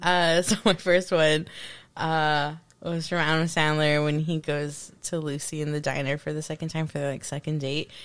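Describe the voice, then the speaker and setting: A woman's voice: low voice, flat delivery, moderate pace, smooth, dry recording. A young woman chatting casually about a favorite movie, playful and giggling often. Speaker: co-host of couple's movie chat.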